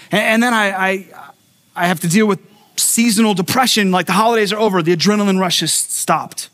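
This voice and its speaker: A man's voice: high-pitched, brisk. A middle-aged male pastor preaching a sermon, telling a personal story with acted-out quotes and stumbling restarts. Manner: animated storyteller who acts out quotes and repeats words.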